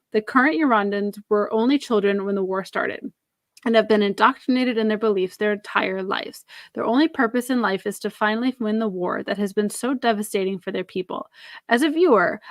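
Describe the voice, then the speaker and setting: A woman co-hosting a podcast, reading a long review aloud in a steady, even way during a casual chat. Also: a little high, no echo. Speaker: podcast co-host.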